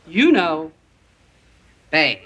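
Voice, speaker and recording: A woman's voice: low-pitched, very animated, drawn-out words, over a noisy crowd, heavy background noise, exaggerated voice. An actress playing a middle-aged working mother who worries over her teenage son and talks in a fretful, confiding way.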